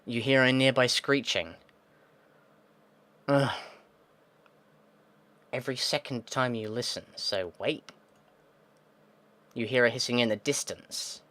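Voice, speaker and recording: A man's voice: medium pitch, normal speed, pushed and bright. A man narrating a text game, reading its descriptions aloud and muttering frustrated, sweary asides as he thinks aloud. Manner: thinks aloud, reads text then reacts. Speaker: gaming video host.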